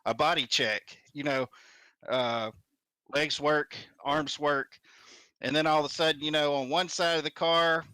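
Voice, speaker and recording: A man hosting a casual chat, telling a story in a relaxed, chatty way. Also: a little high, a little slow, clean tone, no room sound.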